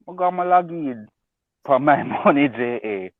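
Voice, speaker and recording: A man calling in to a show, emotional and close to tears, telling his story in an excited, rambling way. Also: mid-range voice, brisk, no room sound. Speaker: caller. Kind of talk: phone-in chat. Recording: tinny phone line.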